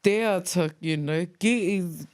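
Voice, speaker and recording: New woman telling lively school stories. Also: on the low side, slow pace. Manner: lively anecdotes, acts out quoted voices, drops in Tongan words. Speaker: podcast co-host. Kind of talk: casual storytelling chat.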